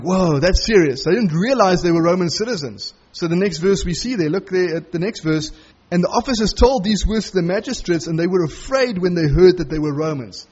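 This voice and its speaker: A man preaching a sermon verse by verse, animated and acting out the characters' lines in quick asides. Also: high voice, breathy edge, highs cut off. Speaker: pastor. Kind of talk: expository sermon on a Bible passage.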